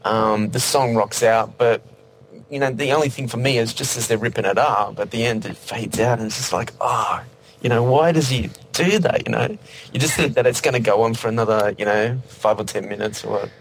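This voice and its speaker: A man in a casual music review chat, talking in a relaxed, measured way with many fillers. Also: mid-range voice, slight background noise. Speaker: podcast co-host.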